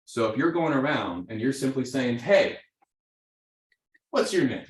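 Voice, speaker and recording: A man teaching a live real estate seminar to an audience, animated, often checking in with "right?" and acting out sample conversations. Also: medium pitch, unhurried. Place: training room with audience. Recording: roomy echo.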